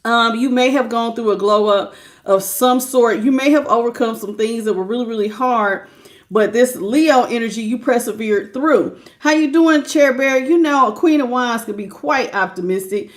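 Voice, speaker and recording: A woman's voice: a little high, normal speed. A woman doing a live tarot reading, chatting casually, greeting viewers by name and laughing often. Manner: casual, folksy talk. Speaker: tarot reader.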